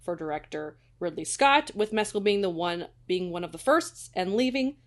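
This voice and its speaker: A woman's voice: lowish voice, expressive, normal speed. A woman co-hosting a film podcast, chatting casually and reading trivia aloud, often laughing and swearing. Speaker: podcast co-host.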